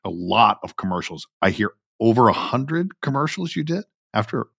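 A man's voice: mid-range voice, big pitch swings, moderate pace, gravelly, a bit bright, breathy edge, no echo, clean studio sound. A man hosting an interview podcast, asking questions and reacting to his guest with enthusiastic short interjections. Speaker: podcast host. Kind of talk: casual interview.

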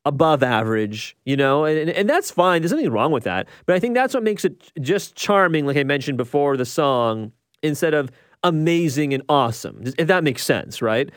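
A man's voice: fairly high pitch, very animated, normal speed, dry recording, studio quality. A man giving a casual, rambling movie review, often restarting his sentences. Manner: rambling, restarts a lot, chatty. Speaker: film reviewer.

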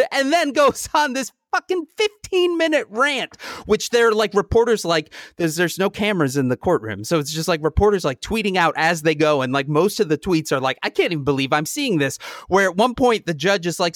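A man's voice: high-pitched, normal speed, dry recording, clean studio sound. A man in casual chat, sarcastic and profane, acting out the people he talks about in comic voices. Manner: animated, acts out quoted people in comic voices.

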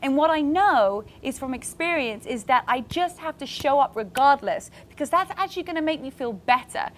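A woman podcast host talks to her listeners in a loose, candid chat, full of "like" fillers. Her voice sits a little higher than most women's. She sounds encouraging and speaks to them directly. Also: expressive, normal speed, slight background noise. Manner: chatty and candid, many "like" fillers. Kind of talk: casual motivational podcast talk.

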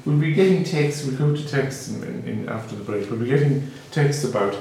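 A man with an Irish accent, a native Gaelic speaker, giving a reflective spiritual talk in a musing, gently humorous storytelling manner. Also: medium pitch, fairly quick, vocal fry. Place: hall with a live audience. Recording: very echoey hall, mic far off.

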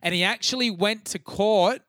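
A middle-aged Australian man hosting a podcast, telling stories in a casual, profane, animated way. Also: sits high, moderate pace, no room sound, clean studio sound. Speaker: podcast host. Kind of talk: casual chat.

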